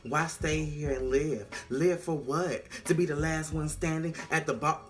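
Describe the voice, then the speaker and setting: A menacing female ghost murmurs in a low, hushed, coaxing tone, as a woman puts her on. The voice drops under the speaker's usual register and stays quiet and slow, like a temptation from the dark. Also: steady tone, faint music behind.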